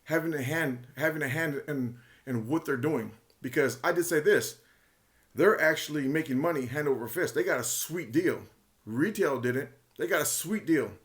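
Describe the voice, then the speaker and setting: Man, slightly high voice, emphatic, repetitive, casual investor commentary. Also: normal speed, a bit bright. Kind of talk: casual opinion monologue.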